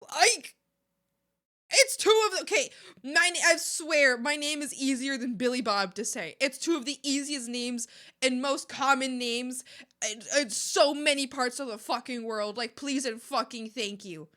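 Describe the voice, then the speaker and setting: A young woman chatting casually while streaming her art, animated, swearing freely and laughing often. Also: sits high, measured pace, dry recording, clean studio sound. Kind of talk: casual chat while drawing.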